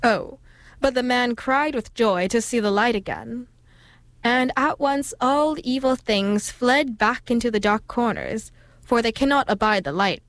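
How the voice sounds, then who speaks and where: A woman's voice: fairly high pitch, measured pace, no room sound. Woman reading a folk tale aloud. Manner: steady, expressive storytelling. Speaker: storyteller.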